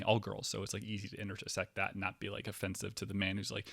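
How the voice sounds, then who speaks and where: A man hosting a comedy podcast, telling a meandering, profane story that drops to mumbles and jumps to loud outbursts. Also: fairly low pitch, little pitch movement, rapid-fire, vocal fry, few pauses, no echo. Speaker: podcast host.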